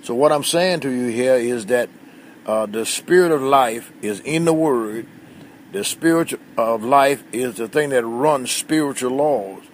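Earnest preacher man, faint hiss. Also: medium pitch. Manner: earnest, repeats phrases, quotes scripture in old wording. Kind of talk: short devotional sermon.

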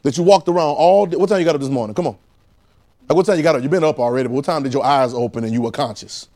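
This preacher talks very fast in a fairly high-pitched voice. His sermon is full of rhetorical questions aimed at the congregation, swinging from loud exclamations to hushed asides.

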